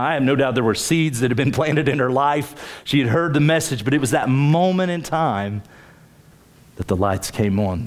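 Male pastor mid-sermon, average pitch, builds emphasis on key points, restarts his phrases. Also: a little mellow. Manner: emphatic, rising pitch on key points, repeats words when starting phrases.

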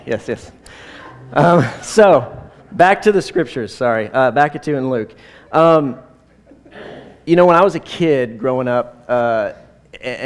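Casual, rambling man preaching a sermon. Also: mid-range voice. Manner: conversational, rambling with fillers and asides. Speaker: pastor.

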